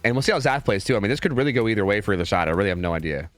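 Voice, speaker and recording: A man casting game scrims on a live stream in a casual, chatty way, often repeating words in quick bursts. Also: fairly low pitch, lively intonation, fairly bright tone, faint music behind.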